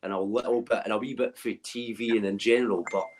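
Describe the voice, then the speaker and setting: A man's voice: on the low side, steady tone, fast, over a noisy crowd. A man in casual live-stream chat, laid-back and swearing casually.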